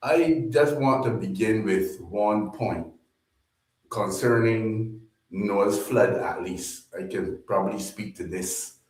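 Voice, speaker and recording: A man calling in remotely as a guest on a livestream, speaking in a polite, measured way. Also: lowish voice, a little mellow. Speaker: call-in guest. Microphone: remote computer call. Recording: echoey remote call audio.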